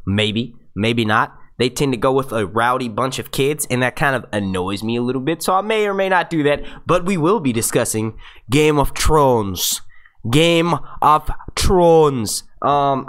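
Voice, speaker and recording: Young guy doing a live stream, pitch jumps all over, rambly and swears a lot, middle-pitched voice. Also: fairly bright tone. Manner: rambling, profane, laughs at his own slips. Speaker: YouTube host. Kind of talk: casual live-stream chat.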